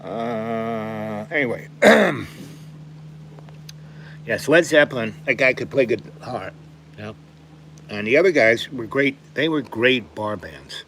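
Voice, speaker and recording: A man's voice: medium pitch, lively intonation, slow, long pauses, a bit bright, slight background noise. Older man rambling through stories. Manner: rambling, frequently clears throat and coughs. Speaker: live stream host. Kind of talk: rambling storytelling.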